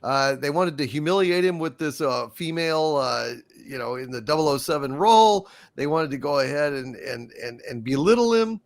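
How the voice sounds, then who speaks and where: A man's voice: fairly high pitch, animated, moderate pace, hardly any pauses. A man hosting a live stream, reading out viewer super chats and ranting with profanity and stammered restarts. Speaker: livestream show host reading super chats.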